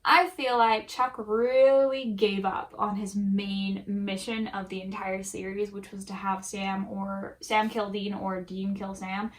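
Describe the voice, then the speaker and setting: A woman's voice: medium pitch, level tone, takes it slowly, few pauses. Brief: candid, laughing woman ranting about her fanfic, casual and unfiltered. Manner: candid, laughing, swears freely. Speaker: fanfic author reading her story. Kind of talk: casual reading with commentary.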